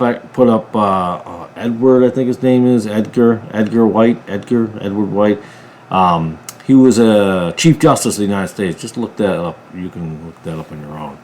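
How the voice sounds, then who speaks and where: A man from a ministry channel giving a political commentary monologue, emphatic, jumping from loud bursts to low mutters. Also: a little hiss or hum. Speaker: ministry preacher.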